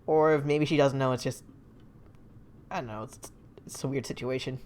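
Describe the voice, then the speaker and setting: A woman streamer giving casual let's-play commentary, animated and reacting aloud with easy laughs. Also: rumbling low, normal speed, slight background noise.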